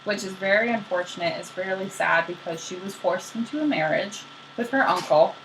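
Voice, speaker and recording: A young woman casually retelling myths as a podcast co-host, slangy and animated, acting out the characters. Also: mid-range voice, fairly quick, a little hiss or hum, poor audio.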